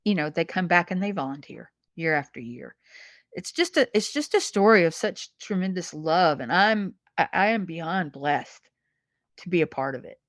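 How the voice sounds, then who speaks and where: Earnest woman with a lowish, dry voice. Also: no room sound. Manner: earnest, emotional, repeats words. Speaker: podcast guest. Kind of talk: heartfelt interview conversation.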